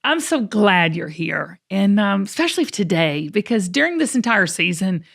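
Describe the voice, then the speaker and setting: A middle-aged woman, hosting a podcast in chatty, animated talk full of fillers and restarts. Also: medium pitch, moderate pace, creaky. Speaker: podcast host. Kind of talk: casual podcast chat.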